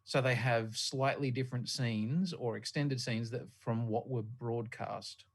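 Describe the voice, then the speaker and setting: A man's voice: mid-range voice, steady tone, unhurried. A man hosting a casual pop-culture podcast, rambling with frequent fillers and easy swearing. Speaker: podcast host. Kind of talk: casual chat.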